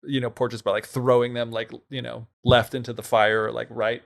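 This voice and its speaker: A man's voice: mid-range voice, flat delivery, brisk, creaky. A man co-hosting a podcast, retelling a folktale in casual chat and playfully acting out the characters. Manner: playful, acts out characters with sarcastic quoted voices.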